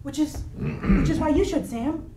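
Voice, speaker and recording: A woman's voice: high-pitched, expressive, measured pace, mellow. A woman improvising a chatty, encouraging friend named Sheila in a live comedy scene. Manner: upbeat and supportive, laughing along. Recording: echoey club, distant mic, audience noise.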